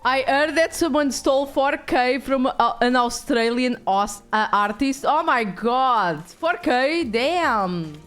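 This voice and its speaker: Chatty streamer woman, higher voice. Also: slow, few pauses, a bit bright, soft background music. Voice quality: rambling, swears casually, trails into mumbles. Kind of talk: casual game stream chat.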